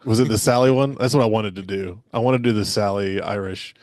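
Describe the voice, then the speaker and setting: A man's voice: fairly low pitch, fairly even intonation, quick pace, darkish tone, no room sound, studio quality. A man hosting a podcast, leading loose, joking banter and rambling asides. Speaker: podcast host. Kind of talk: casual podcast chat.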